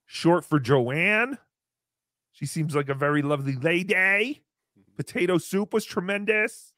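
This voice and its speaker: A man voicing a brash, crude male turkey puppet as host of a comedy stream, in a squeaky, excitable voice. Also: unhurried, dry recording, studio quality. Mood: excited. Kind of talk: live comedy stream banter.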